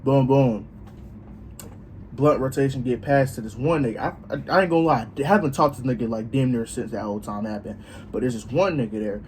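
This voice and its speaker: A young man casually telling a story in a vlog, profane and animated, acting out what people said. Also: mid-range voice, a little fast, slight background noise. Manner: animated, profane, acts out dialogue. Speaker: vlogger.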